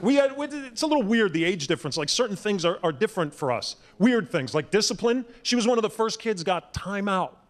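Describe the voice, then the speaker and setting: A man works a comedy club crowd in a high, bright register. He is wry and punchy, and he jumps into loud impressions for the punchlines. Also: big pitch swings, brisk, few pauses. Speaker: stand-up comedian. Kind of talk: stand-up comedy set.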